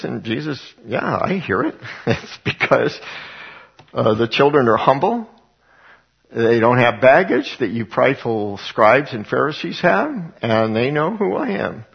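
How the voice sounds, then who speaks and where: Gravelly preacher man teaching the Bible. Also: mid-range voice, sing-song, measured pace. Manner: reads scripture, acts out voices of people. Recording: dull lo-fi recording.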